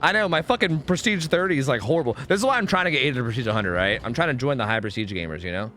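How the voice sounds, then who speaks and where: A young man streaming a game, chatting casually with his viewers, swearing freely and trailing into quick asides. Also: medium pitch, expressive, sharp tone, slight background noise. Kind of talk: casual gaming commentary.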